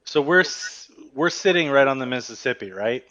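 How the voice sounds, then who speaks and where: A man playing a tabletop game who puts on a Brooklyn accent for his character and talks with many pauses and restarts. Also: mid-range voice, animated, pushed and bright, no echo, highs cut off. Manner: hesitant, many ums and restarts. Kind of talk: casual game chat, partly in character.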